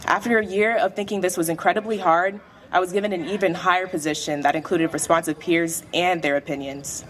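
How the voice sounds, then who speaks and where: A graduating teenage girl reads a prepared speech at a school awards dinner into a microphone, in a measured, reflective way. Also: fairly low pitch, steady tone, slight background noise. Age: late teens. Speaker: graduating student speaker. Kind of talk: prepared speech read aloud.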